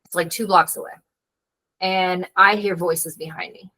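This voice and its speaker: A woman with a bright, forceful voice spins an animated tale. She leans on "like" and slips into the voices of the people she quotes. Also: on the low side, unhurried, low-quality recording. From United States. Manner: animated storyteller, acts out quoted voices, frequent "like". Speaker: author, guest. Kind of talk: casual storytelling conversation.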